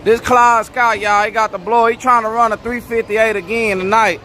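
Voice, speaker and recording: A man with a strikingly high, bright, cutting voice hosts a racing vlog outdoors at a drag strip. He talks in loose, excited hype mode and reels off viewers' hometowns. Engines and trackside bustle sit faintly behind him. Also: moderate pace, a little hiss or hum. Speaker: racing channel host filming trackside. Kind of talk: casual livestream-style shoutouts.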